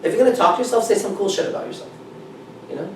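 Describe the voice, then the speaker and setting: Speaking very fast in a high-pitched voice, a male dating coach addresses a small seminar group with blunt, emphatic, profanity-laden talk. The recording has an echoey room, a far-off mic and faint noise.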